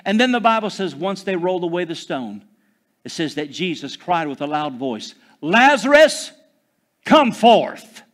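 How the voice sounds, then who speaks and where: A man preaches with a voice that sits a little high for a man and climbs into loud proclamations before dropping to a hush. He stretches key phrases slowly and keeps calling out to his congregation for an answer. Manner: dramatic swings from loud preaching to hushed, drawn-out phrases; calls out for congregation responses. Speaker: pastor. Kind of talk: sermon.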